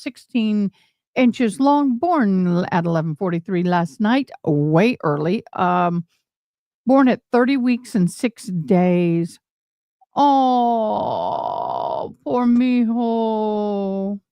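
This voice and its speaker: Slow-talking chatty woman streamer. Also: medium pitch, mellow, dry recording, studio quality. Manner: chatty and rambling, addresses viewers as y'all. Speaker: livestream host commenting on court trials. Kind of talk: casual live-stream chat.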